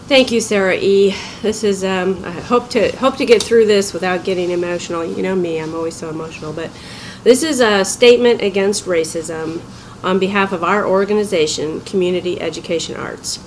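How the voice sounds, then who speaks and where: A woman, president of a nonprofit, reading a prepared statement in an earnest, measured way. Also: medium pitch, slight background noise, low-quality recording.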